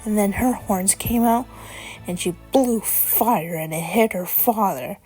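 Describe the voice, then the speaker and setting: A woman narrating a children's story in a plain, unhurried way. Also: medium pitch, dark tone, faint music behind.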